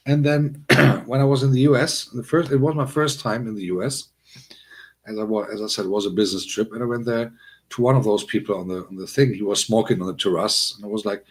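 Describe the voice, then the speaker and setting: A man's voice: lowish voice, normal speed. A man hosting a casual livestream, talking to his chat in a rambling, chatty way with many fillers. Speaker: livestream host.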